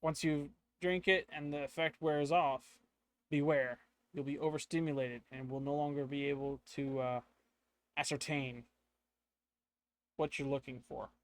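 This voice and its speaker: A man voicing a hunched, white-haired old woman who sells potions, explaining her wares in a slow, matter-of-fact way. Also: on the high side, fairly even intonation, natural voice.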